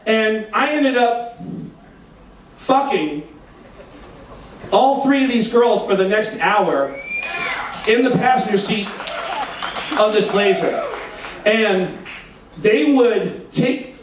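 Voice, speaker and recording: A high-voiced male comedian tells a raunchy story on a live stage, animated and full of swearing. His voice carries through a very echoey room. The mic sounds far off, with a faint hum of ambience behind him. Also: slow, pauses often. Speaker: stand-up comedian. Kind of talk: stand-up storytelling. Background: audience laughter.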